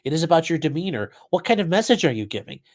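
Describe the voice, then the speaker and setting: A little high, darkish in tone and fast, his voice swings widely in pitch. The man hosts a casual live stream commenting on a trial, answering chat with blunt, profane asides.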